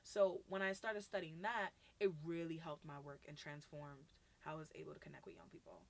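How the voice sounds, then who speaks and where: A woman in her thirties with a New York accent, chatting on a podcast. Her voice sits a little low, and she talks in a lively way, slipping into quoted voices and laughing often. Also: fairly quick, gravelly, slight background noise. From United States. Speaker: podcast guest, youth mentor. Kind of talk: casual conversation.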